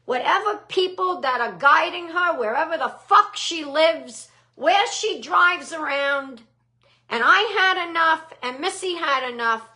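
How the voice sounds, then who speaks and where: A woman's voice: sits high, pushed and bright. A woman hosting a live stream, telling a grievance in an indignant, swearing rant that repeats phrases for emphasis. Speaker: livestream host. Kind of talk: ranting livestream monologue.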